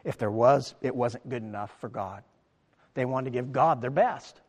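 Man, pastor, animated sermon, quoting the crowd, reverberant hall. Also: medium pitch, normal speed. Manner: animated preaching, acts out quoted crowd lines.

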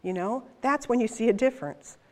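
A woman in her fifties delivers a sermon in a church sanctuary, talking with the congregation as if chatting with friends. Her voice sits a little high, and it rings out with a long hall reverb. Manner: conversational, animated, with quick asides. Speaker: preacher.

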